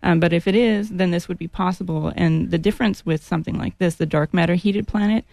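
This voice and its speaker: A man from California co-hosts a radio talk show, laying out science news in a relaxed, explanatory way. His voice sits a little high with a gravelly edge, recorded dry and close. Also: a little fast, no room sound.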